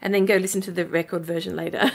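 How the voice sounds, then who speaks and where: A woman's voice: lowish voice, expressive, fairly quick, vocal fry. A woman singer-songwriter hosting a live stream, chatty and giggly, speaking into a webcam mic.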